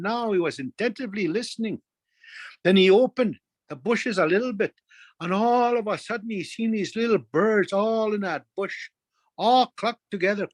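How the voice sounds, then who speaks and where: A man's voice: high voice, no room sound. Man telling a folk tale, repetitive rhythm. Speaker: storyteller. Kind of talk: oral folk storytelling.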